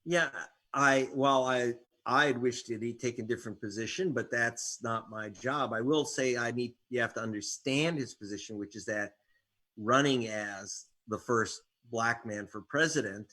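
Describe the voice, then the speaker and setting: Husky-voiced man telling wry stories. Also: medium pitch, moderate pace, pushed and bright. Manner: wry, storytelling with sarcastic jabs. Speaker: investigative reporter and author as guest. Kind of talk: interview conversation.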